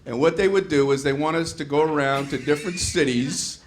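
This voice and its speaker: A middle-aged stand-up comedian works a live room, his voice sitting a bit high for a man. He tells the story with animated, exasperated energy and slips into quick acted-out voices. A faint hum of live-show noise sits under him. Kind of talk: stand-up routine. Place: comedy stage with audience laughter.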